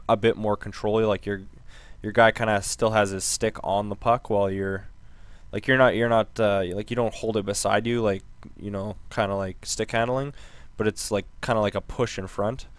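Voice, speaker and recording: A man hosting a gaming channel, giving a casual, rambling game news recap with lots of ums and restarts while slightly hoarse from losing his voice. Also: on the low side, dry recording.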